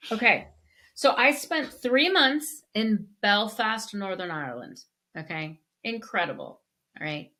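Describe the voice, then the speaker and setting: A woman co-hosting a podcast, telling stories in a casual, animated way with frequent restarts. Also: medium pitch, unhurried. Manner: animated storyteller with many restarts. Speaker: podcast co-host. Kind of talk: casual conversation.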